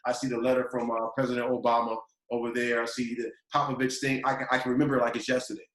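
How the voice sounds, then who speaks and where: A man hosting a casual talk show, telling lively stories and acting out the quotes. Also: medium pitch, rapid-fire, echoey room, low-quality recording. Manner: animated storyteller, acts out quotes. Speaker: podcast host. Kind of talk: casual storytelling chat.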